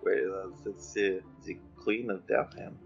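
A man's voice: sits low, fairly even intonation, a little slow, gravelly, dull audio, faint music behind. A man voicing a small, evasive adventurer in a tabletop game who hesitates and dodges questions.

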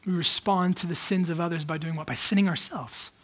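A man's voice: a little high, steady tone, a little fast, fairly bright tone. A man, a pastor, preaching a casual, candid sermon with lots of fillers and asides to the congregation. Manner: conversational, candid, many fillers.

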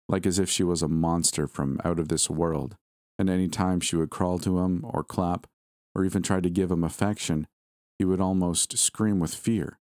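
A man narrating a first-person story in a steady, measured reading. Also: sits low, dry recording, clean studio sound.

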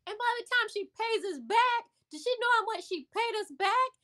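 A woman's voice: very high voice, measured pace, sharp tone, pitched above the performer's own voice, exaggerated voice. A woman voicing a cruel young woman who sneers and cackles through hysterical laughter. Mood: mocking laughter.

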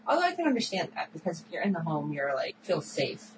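A woman's voice: deep voice, fast talker, noisy background. Chatty woman recapping a TV episode. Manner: chatty, animated storytelling with filler words. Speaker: podcast co-host. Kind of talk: casual chat recapping a TV episode.

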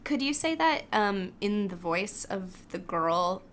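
A woman's voice: medium pitch, sing-song, takes it slowly, a bit bright, a little hiss or hum. A young adult woman co-hosting a podcast, giggly and playful in casual chat. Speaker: podcast co-host.

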